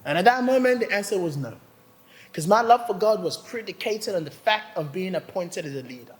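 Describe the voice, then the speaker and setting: A man's voice: high-pitched, fairly quick, big-room sound. A man preaching a sermon, telling a personal story with humor and acting out the voices of others. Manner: animated, acts out quoted voices, laughs often. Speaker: pastor. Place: church hall.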